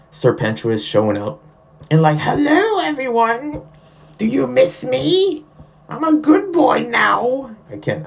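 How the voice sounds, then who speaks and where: A man reviewing a show in casual podcast talk, chatty and excitable, who often breaks into playful impressions. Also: medium pitch.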